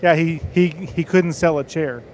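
A man co-hosting a casual podcast, telling a story slowly with hesitant fillers. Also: a little high, fairly even intonation, a little mellow, highs cut off, slight background noise. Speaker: podcast co-host. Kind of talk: casual chat.

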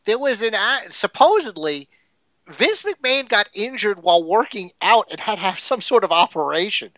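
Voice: medium pitch, very animated, normal speed, fairly bright tone, dry recording. A podcast co-host chatting playfully about wrestling. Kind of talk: casual wrestling chat. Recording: dull lo-fi mic.

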